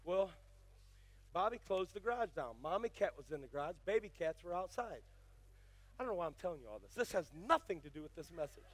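An older male pastor preaching, moving from folksy storytelling into fiery, shouted exhortation. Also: high voice, big pitch swings, brisk. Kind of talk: sermon.

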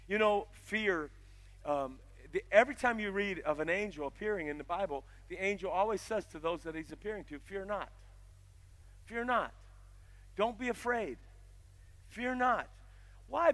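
Bright, high-voiced male preacher. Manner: storytelling, swells loud and emphatic. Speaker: pastor. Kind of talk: sermon.

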